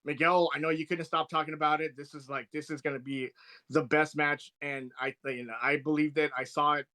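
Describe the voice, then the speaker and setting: A man co-hosting a casual wrestling podcast, talking in an excited, rambling way with many restarts. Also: fairly high pitch, fairly quick. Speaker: podcast co-host.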